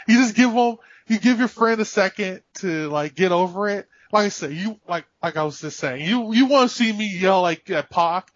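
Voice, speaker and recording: A man's voice: high-pitched, moderate pace, a bit bright, no room sound. A man chatting casually on a podcast, laughing often, swearing freely and acting out quotes. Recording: dull, lo-fi sound.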